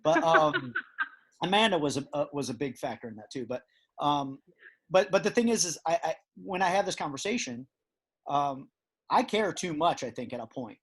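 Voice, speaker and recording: Man, podcast host, casual chat, rambling with restarts, fairly high voice. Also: very animated, normal speed, vocal fry, a bit bright, breathy edge. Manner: rambling, emphatic, with many restarts and fillers. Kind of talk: casual conversation.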